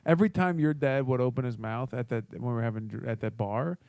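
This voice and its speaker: A man's voice: mid-range voice, fast talker, a little mellow, dry recording. A man co-hosting a podcast, teasing his partner and retelling stories in casual profane chat. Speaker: podcast co-host.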